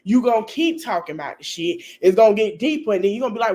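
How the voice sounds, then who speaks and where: A woman's voice: mid-range voice, animated, fast talker, dark tone. A woman speaking talks straight to her livestream viewers. She scolds and repeats herself for emphasis, her blunt advice laced with swearing. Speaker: livestream host. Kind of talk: casual livestream commentary.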